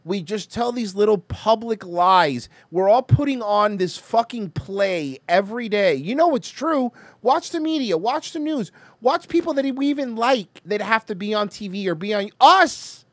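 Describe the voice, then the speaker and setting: A man's voice: high-pitched, animated, moderate pace, few pauses, no room sound. A man hosting a podcast, ranting profanely in casual chat while reacting to clips. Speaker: podcast host.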